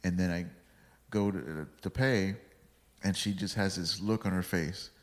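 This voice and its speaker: A man's voice: sits low, unhurried. Laid-back man telling a rambling story. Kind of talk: casual chat, storytelling. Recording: long hall reverb.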